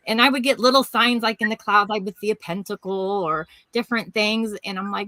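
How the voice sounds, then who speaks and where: A woman's voice: mid-range voice, fairly quick, hardly any pauses, sharp tone, no room sound, poor audio. A middle-aged woman from Washington State, telling a rambling personal story as a podcast guest and acting out the voices of people she quotes. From Washington State, USA. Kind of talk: casual storytelling chat.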